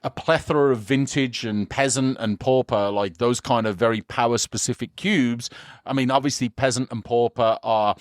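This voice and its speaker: A British man co-hosts a podcast, chatting casually with a wry streak. His voice sits at an ordinary middle pitch. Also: steady tone, normal speed. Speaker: podcast co-host. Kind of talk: casual chat.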